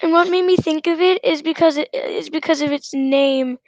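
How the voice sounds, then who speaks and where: Hesitant, high-voiced woman telling a story. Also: moderate pace, darkish tone, dull audio, slight background noise. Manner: hesitant, many fillers and restarts. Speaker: student.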